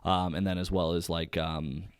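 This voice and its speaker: A young man in his twenties, a guest on an interview show, talking casually about training as an auctioneer, with lots of fillers and quick chanting bursts. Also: sits low, flat delivery, clear, resonant tone, no echo, studio quality. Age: 20s.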